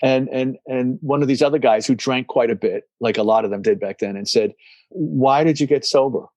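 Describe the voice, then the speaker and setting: A man's voice: medium pitch, level tone, brisk, a little mellow, no room sound. A man in his sixties, a guest in a casual interview, talking in rambling runs and acting out voices in his anecdotes. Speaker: guest, musician and recovery coach.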